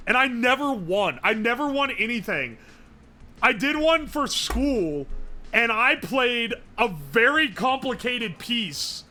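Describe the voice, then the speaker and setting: A man's voice: very high-pitched, bright, forceful tone. A man streaming live, chatting casually and profanely as he rambles and answers his chat.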